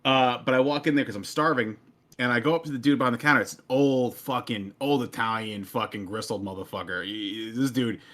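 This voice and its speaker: A man from New York, co-hosting a casual podcast chat, telling an animated story full of swearing. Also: medium pitch, a little fast. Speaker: podcast co-host.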